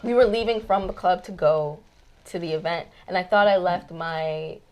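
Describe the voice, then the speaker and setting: Woman guest musician, low-pitched, rambling storyteller, casual chat in a studio lounge. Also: moderate pace, darkish tone, poor audio. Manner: chatty storyteller, many fillers like "like" and "um".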